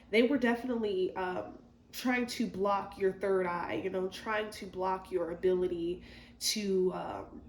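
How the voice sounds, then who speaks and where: A chatty woman reads tarot cards in a loose, rambling way, full of fillers and side remarks. Her mid-pitched voice sounds roomy and echoey, with a faint hiss underneath. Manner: chatty, many fillers and asides. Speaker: tarot reader. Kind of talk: casual tarot reading. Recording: echoey room with faint noise.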